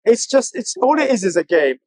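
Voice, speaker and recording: A man, chatting as co-host in a casual interview and telling stories, often mimicking other people in a high mocking voice. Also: big pitch swings, brisk, darkish tone, dry recording, low-quality recording. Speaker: co-host, one of twin brothers.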